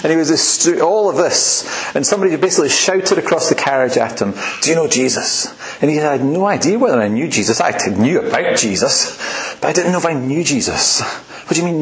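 A man's voice: mid-range voice, echoey room, rough recording. A man preaching a sermon in a church, telling stories in a conversational, rambling way with restarts. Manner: conversational, anecdotal, with frequent restarts and fillers.

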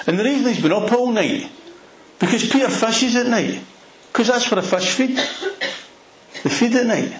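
A man with a Glasgow accent preaching a sermon, retelling a Bible story in an animated way with plenty of local slang. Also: high-pitched, echoey room, rough recording. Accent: Glaswegian Scottish. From Scotland. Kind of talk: expository sermon.

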